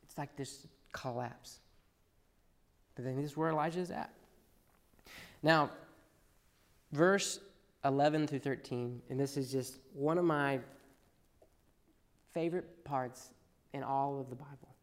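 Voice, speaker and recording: A man preaching a sermon, swinging between loud emphatic passages and hushed asides. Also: mid-range voice, measured pace, pauses often. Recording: long reverb in a large hall.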